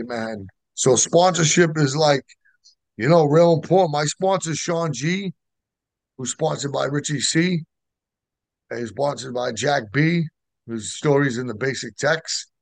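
A middle-aged man with a gravelly, creaky voice. He tells his recovery story in casual, slangy talk with lots of fillers. The sound is dry and close, with no room around it. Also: mid-range voice, measured pace, no room sound. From Boston area. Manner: emotional, street slang, many fillers. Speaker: guest sharing recovery story.

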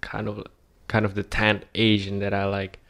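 A man's voice: fairly low pitch, monotone, normal speed, a bit bright. A man from Indonesia co-hosting a podcast, chatting in an easygoing, eager way. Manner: easygoing, enthusiastic, says "bro" often. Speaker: podcast co-host. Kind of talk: casual chat.

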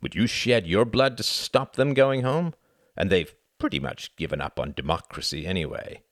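A man voicing a contemptuous British official who shouts and curses, in an audiobook reading. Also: low voice, very animated, dry recording, clean studio sound. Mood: grim. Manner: shouting, cursing, drawn-out.

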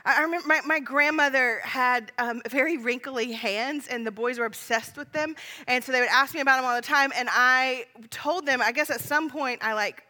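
A woman's voice: high-pitched, normal speed, sharp tone, in a large hall. A woman in her thirties preaching a sermon, telling funny family stories in a chatty, self-deprecating way and laughing along.

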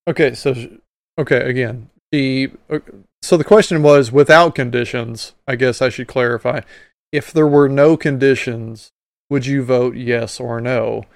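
A man's voice: mid-range voice, fairly even intonation, unhurried, vocal fry, no room sound, studio quality. A man hosting a podcast, commenting bluntly and with exasperation on a hearing clip. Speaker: podcast host.

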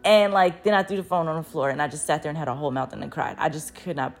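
A young woman vlogger telling a personal story in a casual, animated way, laughing often and swearing freely. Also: deep voice, fast talker.

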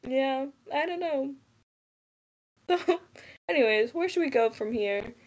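Rambling young woman, slightly high voice. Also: animated, takes it slowly. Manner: rambling, many fillers, giggly. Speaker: podcast co-host. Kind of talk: casual chat.

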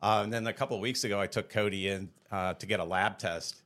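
Brief: a deep-voiced male co-host who rambles through his anecdotes in easygoing banter. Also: steady tone, fast, a bit bright. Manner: rambling, restarts, laughs at own stories. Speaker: podcast co-host. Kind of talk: casual comedic chat.

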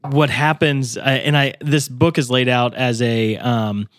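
A man's voice: mid-range voice, fairly even intonation, measured pace, fairly bright tone, dry recording, studio quality. A man co-hosting a faith podcast, speaking earnestly and telling personal stories about prayer. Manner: earnest, storytelling, acts out prayers in quotes. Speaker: podcast co-host and author. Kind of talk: casual faith conversation.

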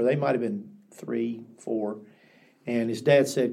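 An older male pastor tells stories with an earnest, reflective manner, often circling back to restart a thought. His voice is warm and mellow, sitting at an ordinary middle pitch for a man. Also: fairly even intonation, a little slow, creaky, husky. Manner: earnest storytelling with frequent restarts. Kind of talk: podcast interview.

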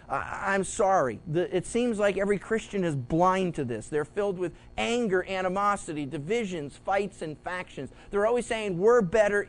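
A male pastor with a high voice for a man, teaching scripture in a loose, conversational way. He stumbles and restarts, then bursts into little acted-out quotes. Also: poor audio. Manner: animated, acts out quoted voices. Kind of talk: Bible study sermon.

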